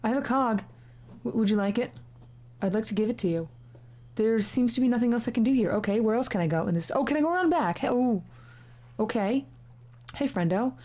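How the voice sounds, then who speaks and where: A woman's voice: fairly high pitch, lively intonation, fast talker, long pauses, a little mellow. Sarcastic woman doing gameplay commentary. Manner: sarcastic, swears, mocks the game's story. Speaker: let's-play gamer. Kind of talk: casual gameplay commentary, reading game text aloud.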